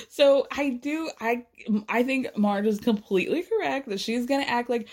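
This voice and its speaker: A woman's voice: on the high side, animated, measured pace, darkish tone. A woman hosting a podcast, chatting casually in a recap, full of likes, laughs and playful mock voices. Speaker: podcast host.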